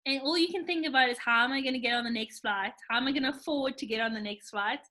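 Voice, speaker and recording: A woman's voice: high voice, fast. A young woman from South Africa co-hosting a podcast, telling a travel story in casual chat and acting out the dialogue. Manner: animated, acts out quoted dialogue. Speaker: podcast co-host.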